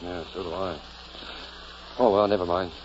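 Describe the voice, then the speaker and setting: A man's voice: low voice, normal speed, natural voice. An actor playing an eager young male newspaperman in an old radio drama. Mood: tender. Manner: breezy, lively. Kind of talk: 1940s radio acting. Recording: muffled old radio recording with hiss.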